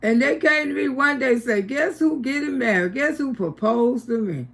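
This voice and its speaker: Older woman hosting a livestream, gravelly voice, animated storyteller who acts out the quotes. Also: high voice, moderate pace, hardly any pauses. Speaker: livestream host. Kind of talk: casual storytelling to viewers.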